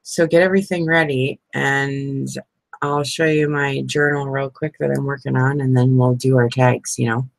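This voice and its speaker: A woman's voice: extremely low pitch, fairly even intonation, moderate pace, vocal fry, no room sound. A middle-aged woman chatting casually and sleepily on a live stream, rambling and asking "you know what I mean" often. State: sleepy, yawning. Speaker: crafting channel host.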